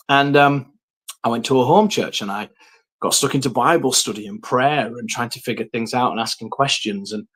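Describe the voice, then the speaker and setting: A man telling his personal faith story, earnest and reflective, with frequent pauses and ums. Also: medium pitch, a bit bright.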